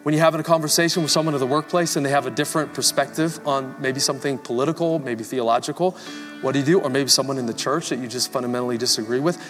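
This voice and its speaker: A man's voice: mid-range voice, racing, fairly bright tone, faint music behind. A pastor preaching a live sermon to his congregation, telling a story and building to fervent emphasis. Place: large church hall before a congregation. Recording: live church recording with long reverb.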